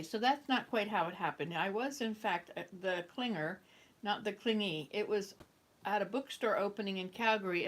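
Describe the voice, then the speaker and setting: Brief: a chatty woman host reading aloud, mid-pitched, stumbling and correcting herself between bites. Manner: talks around a cookie. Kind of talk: casual read-aloud.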